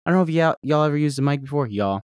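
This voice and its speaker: Southern male podcast host, casual, profane rant, swings from loud to mumbled, close dry mic. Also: on the high side, expressive, rapid-fire, smooth, no room sound. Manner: rambling, profane, self-deprecating, jumps between loud outbursts and mutters. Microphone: desk microphone held close.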